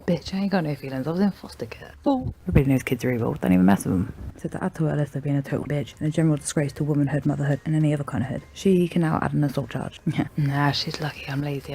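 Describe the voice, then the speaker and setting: A woman's voice: very deep voice, vocal fry, darkish tone. A woman telling a true story to viewers in a brash, sweary, mocking way. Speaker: story narrator.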